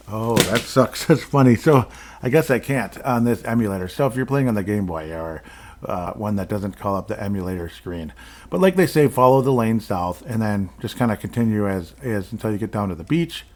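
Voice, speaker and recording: Low-voiced man chatting through a game. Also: darkish tone. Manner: rambling, chuckles often, self-deprecating. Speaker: host. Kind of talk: casual game walkthrough commentary.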